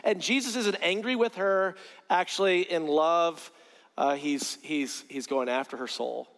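A man's voice: on the high side, measured pace, fairly bright tone. A man preaching a sermon, earnest, often repeating words as he starts a phrase. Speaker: pastor. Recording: long hall reverb.

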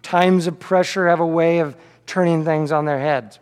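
A man's voice: on the high side, steady tone, moderate pace, few pauses, big-room sound. A man pastor delivering a sermon, telling a story with frequent repeated words on restarts.

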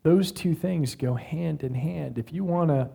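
A middle-aged man preaching a sermon in a conversational style, with dramatic pauses and moments of acted self-talk. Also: fairly high pitch, gravelly, dark tone, slightly rough. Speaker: pastor.

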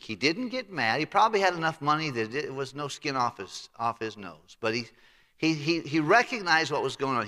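Pastor, man, bright voice, animated folksy storyteller who acts out his characters, long church reverb. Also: mid-range voice. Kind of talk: sermon. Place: church sanctuary.

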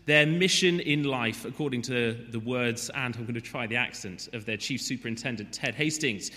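Male preacher, bright and forceful tone, relaxed joking asides. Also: medium pitch, normal speed, long reverb tail. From Wales. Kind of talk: sermon.

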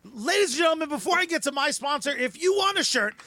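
A man co-hosting a podcast, joking around and reading sponsors with excitable bursts of shouting. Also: extremely high pitch, quick pace, no echo. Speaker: podcast co-host. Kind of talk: casual chat and sponsor reads.

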